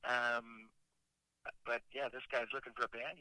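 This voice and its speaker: A rock singer in his fifties calls in as a guest for a casual phone interview, telling a long story and animatedly acting out what other people said. His mid-range voice is clear and resonant at a measured pace, with no echo, though the audio is poor.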